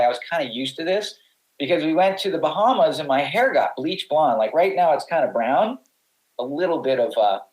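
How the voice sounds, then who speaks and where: A middle-aged pro surfer, guesting on a podcast, tells long casual stories full of restarts and acted-out quotes. His voice is fairly high, and the recording is low quality.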